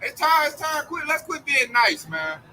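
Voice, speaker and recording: A man's voice: extremely high pitch, very animated, moderate pace, bright, forceful tone, a little hiss or hum, full character voice. A man voicing a frustrated, scheming male devil who is done being patient, speaking bluntly and with exasperation. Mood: fed up.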